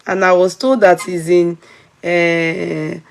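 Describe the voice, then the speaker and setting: A woman's voice: fairly low pitch, flat delivery, slow, creaky. A Nigerian woman hosting a commentary chat, switching into Yoruba and asking pointed questions, laughing often. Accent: Nigerian, mixing Yoruba.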